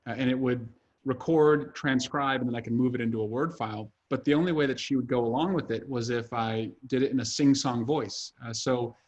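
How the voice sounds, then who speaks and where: During a video-call interview, a thirtysomething author and congressman talks earnestly and fluently, peppering his speech with frequent "uh"s. His medium-pitched voice has a darkish tone, fairly even intonation, and a slightly fast pace.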